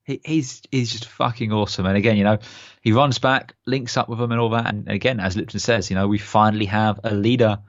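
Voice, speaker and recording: Young male podcast co-host, low-ish voice, eager rambling chat, dry dull lo-fi mic. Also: fairly even intonation, fairly quick, dry recording. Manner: enthusiastic, rambling with many fillers. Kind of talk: casual chat.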